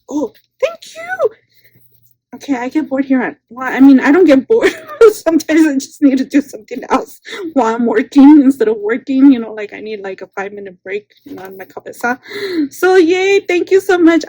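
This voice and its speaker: Gushing high-voiced woman unboxing gifts. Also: dry recording. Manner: gushing, repeats exclamations, thanks the sender often; rambling with restarts, swinging between loud and soft. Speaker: craft channel host. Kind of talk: casual unboxing chat.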